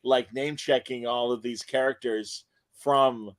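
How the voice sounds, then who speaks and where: A man co-hosting a casual fan chat, enthusiastic and animated. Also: mid-range voice, measured pace. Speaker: podcast co-host.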